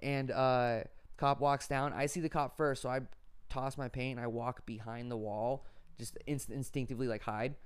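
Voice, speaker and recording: A man's voice: mid-range voice, fairly even intonation, moderate pace, clean tone. A man hosting a podcast, telling a story in casual, laid-back chat and swearing freely. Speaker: podcast host.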